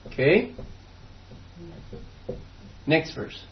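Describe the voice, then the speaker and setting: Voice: drawn-out words, faint music behind. A Bible study teacher leading a class, reading verses aloud, explaining them and quizzing the students as they go. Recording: distant, dull lo-fi room recording.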